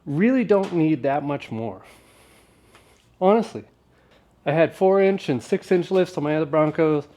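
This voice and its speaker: A man's voice: a little high, mellow. A man talking casually and wryly to the camera while working on an old truck in a garage vlog. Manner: laid-back and wry, with offhand jokes.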